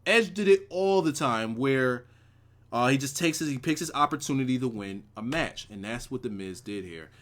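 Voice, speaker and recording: A man's voice: medium pitch, lively intonation, normal speed, a bit bright. A man hosting a live stream who reviews wrestling shows and tells a rambling, profane story, talking casually with his chat.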